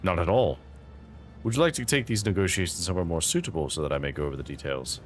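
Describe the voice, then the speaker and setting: A polished young nobleman, humble and courtly, with a slight Spanish accent, as a man puts him on while reading game dialogue aloud. The voice sits a little higher and livelier than a plain speaking voice. Faint music plays underneath. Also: quick pace, natural voice. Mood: courteous.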